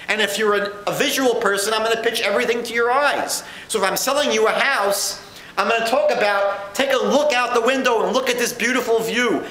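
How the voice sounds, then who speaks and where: A man lectures in a high, bright voice, quick to slip into acted-out dialogue. His talk rings in an echoey room. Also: slight background noise. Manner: lively, acts out quoted dialogue. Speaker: rabbi and educator giving a lecture.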